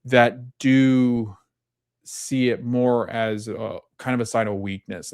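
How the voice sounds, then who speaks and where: A man's voice: lowish voice, a little mellow, dry recording, clean studio sound. A young adult man hosting a podcast, rambling through a casual TV recap with lots of fillers. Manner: rambling, filler-heavy retelling. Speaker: podcast host.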